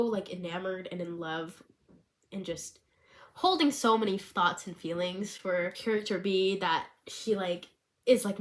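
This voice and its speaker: A bubbly woman talks straight to her viewers in a casual vlog. Her voice sits at an ordinary middle pitch. She rambles through her ideas with lots of "like", now and then dropping to a soft hush. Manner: bubbly, rambling, full of "like" fillers. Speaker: vlogger and hobby screenwriter.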